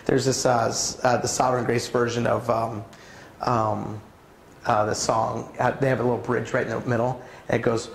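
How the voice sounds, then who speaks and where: A man's voice: medium pitch, steady tone, moderate pace, gravelly, pauses often, slight background noise. Conversational man preaching in an echoey hall. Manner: conversational, asks the audience questions. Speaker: pastor. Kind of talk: conference talk. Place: church hall.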